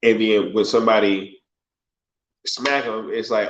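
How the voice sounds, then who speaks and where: A man's voice: lowish voice, steady tone, unhurried, pauses often. Laid-back slangy man on a muffled stream. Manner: laid-back slangy talk, frequent "yo" and "right?"; reads viewer comments aloud and reacts. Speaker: live stream host reading chat. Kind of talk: casual live stream chat.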